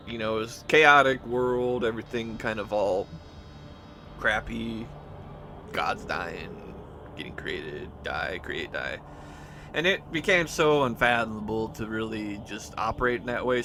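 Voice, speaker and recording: A man's voice: medium pitch, bright, forceful tone, slight background noise. A man recapping his tabletop campaign as game master, rambling and hesitant with many fillers and restarts.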